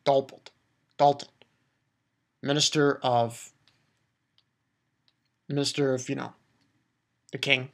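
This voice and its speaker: A man casually recapping a manga chapter, rambling and swearing, with many restarts and bursts of excitement. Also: medium pitch, slow, gravelly, pauses often.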